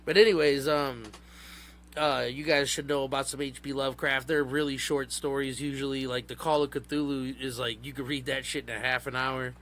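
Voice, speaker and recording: A man's voice: mid-range voice, flat delivery, moderate pace, a bit bright, slight background noise. A man hosting a live show, chatting casually and profanely about books, rambling with many fillers. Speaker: podcast host. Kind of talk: casual livestream talk.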